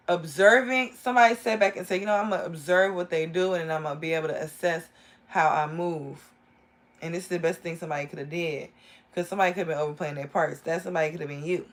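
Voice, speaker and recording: Casting: excitable woman doing a live tarot reading, casual and rambling. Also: fairly low pitch. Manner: rambling, enthusiastic, talks straight to viewers. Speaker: tarot reader.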